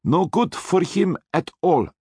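A man's voice: sits high, very animated, measured pace, husky, dry recording, clean studio sound, pitched above the performer's own voice, heavily acted. A man voicing a grim, menacing male chauffeur with an Austrian accent in a storybook reading. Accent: put-on Austrian. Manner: menacing, shouting, grimly emphatic.

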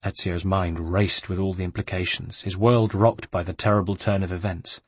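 A man reading a novel aloud as an audiobook narrator, in a steady measured way. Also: sits low, breathy edge, no echo.

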